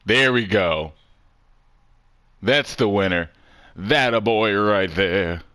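A man's voice: on the low side, slow, sharp tone, clear, resonant tone, dry recording. A man hosting a video game playthrough in casual commentary, swearing, joking and laughing often. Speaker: gaming channel host. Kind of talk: casual let's-play commentary.

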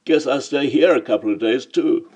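A man's voice: medium pitch, normal speed, a little mellow, husky, voice pushed up, natural voice. A man voicing a brash male American tourist, speaking with an American accent.

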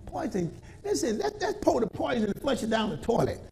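Preacher, male, very high voice, preaching cadence, folksy and punchy. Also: big pitch swings, brisk, creaky, a little hiss or hum. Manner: call-and-response preaching, colloquial, rising to shouts. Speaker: pastor. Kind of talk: sermon.

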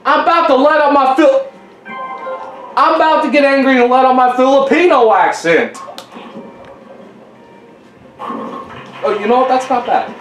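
A young man giving casual gameplay commentary at home, exasperated and yelling at the game. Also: extremely high pitch, echoey room, poor audio. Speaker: gaming YouTuber. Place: home living room.

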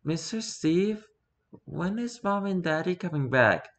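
A man's voice: high-pitched, lively intonation, a little slow, fairly bright tone, heavily acted. A man doing a pleading little girl. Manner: childlike, pleading, small and breathy. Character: sweet little girl lost at a theme park.

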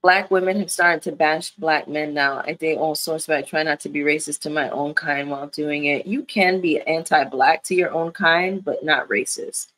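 Low-voiced woman in candid profane chat. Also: steady tone, moderate pace, few pauses, a bit bright. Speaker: commentary vlogger. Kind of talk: casual chat.

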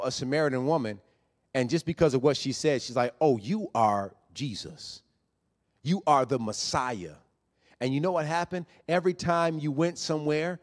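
Emphatic preaching man, higher voice. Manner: conversational preaching, builds to loud emphatic peaks. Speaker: pastor. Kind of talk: sermon.

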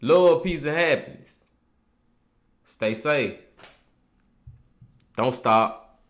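A man hosting a reaction video, talking loudly and casually with lots of swearing and sudden shouts. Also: fairly high pitch, drawn-out words. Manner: loud, animated, swearing, rising to shouts. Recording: roomy echo.

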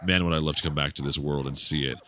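A man's voice: very deep voice, steady tone, fast talker, fairly bright tone. A man giving rambling, joking commentary while playing a video game, laughing often. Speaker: gaming YouTuber. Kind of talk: casual let's-play commentary.

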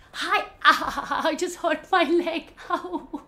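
A young woman vlogger talking fast and giggling through her bloopers. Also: very high voice, fairly even intonation, background noise. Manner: hyper, giggly, talks fast. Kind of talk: bloopers vlog.

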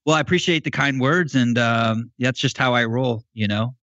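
A man's voice: medium pitch, normal speed, fairly bright tone, no room sound. A man speaking as a guest on a podcast, friendly and easygoing, with lots of "like" and "you know". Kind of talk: casual interview chat. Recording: dry, slightly muffled sound.

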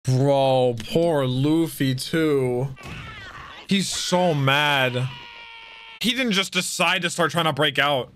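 A young adult hosting an anime reaction video, talking loudly, exclaiming and swearing often. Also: mid-range voice, takes it slowly, slight background noise. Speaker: anime reaction channel host. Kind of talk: excited reaction commentary.

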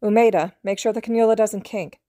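A woman voicing a calm, authoritative female trauma doctor who gives brisk clinical orders and reassures patients. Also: medium pitch, no echo, studio quality, voice pushed up, lightly acted. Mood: instructive.

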